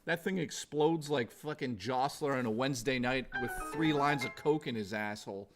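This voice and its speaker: A man's voice: medium pitch, normal speed, music in the background. A man streaming from home, chatting casually with crude, profane jokes and rambling asides. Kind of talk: casual livestream chat.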